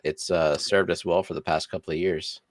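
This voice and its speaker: Deep-voiced man hosting a livestream. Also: flat delivery, a little fast, no echo. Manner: offhand, loose and profane. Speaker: livestream host. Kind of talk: casual livestream chat.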